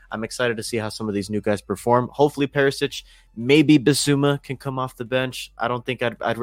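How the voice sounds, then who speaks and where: A man co-hosting a sports podcast, calmly talking things through point by point in casual chat. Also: mid-range voice, no echo, clean studio sound. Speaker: podcast co-host.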